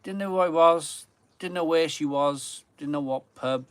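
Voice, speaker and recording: A man's voice: on the high side, measured pace, clean tone, no room sound. A man hosting a beer channel live stream in casual chat from his garden, rambling and repeating phrases for emphasis. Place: home garden.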